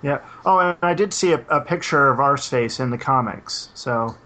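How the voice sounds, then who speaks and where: Man, mid-pitched, rambling podcast co-host, halting with lots of "uh". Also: pushed and bright. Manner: hesitant, many restarts and "uh". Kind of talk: casual podcast chat.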